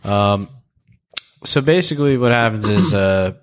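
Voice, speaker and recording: A young man talks through a film in a loose, rambling way, laughing often and restarting his sentences. His voice sits a bit low. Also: unhurried. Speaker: podcast co-host reviewing a movie. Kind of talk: casual chat.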